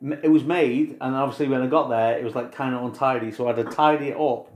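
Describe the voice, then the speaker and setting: A man co-hosting a casual veterans' podcast, swearing freely while he tells animated stories from basic training. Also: mid-range voice, fast. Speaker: podcast co-host. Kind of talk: casual chat. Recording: roomy echo.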